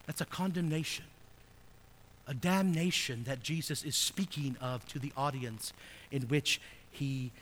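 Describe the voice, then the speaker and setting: A pastor preaching a sermon, swinging from hushed, low asides to loud, emphatic readings of scripture. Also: male voice, a little slow, long reverb tail, a little hiss or hum. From United States.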